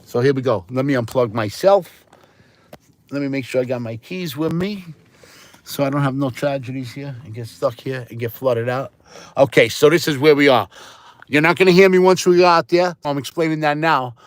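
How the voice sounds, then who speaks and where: A man's voice: medium pitch, moderate pace, dry recording. A man live-streaming on his phone, chatting casually and rambling, repeating himself and greeting viewers by name, mostly outdoors in a windy parking lot. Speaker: livestreamer. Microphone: handheld phone. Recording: phone mic with loud wind noise.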